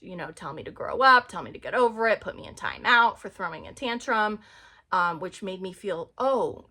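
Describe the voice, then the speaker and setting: A woman's voice: mid-range voice, sharp tone. A young adult woman giving an earnest, rambling self-help talk to camera, with lots of fillers. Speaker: vlogger.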